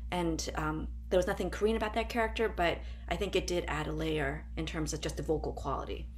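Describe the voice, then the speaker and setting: A woman's voice: sits low, a little fast, a little hiss or hum. Thoughtful woman improviser on a panel. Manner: reflective, searching for words. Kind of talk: panel discussion.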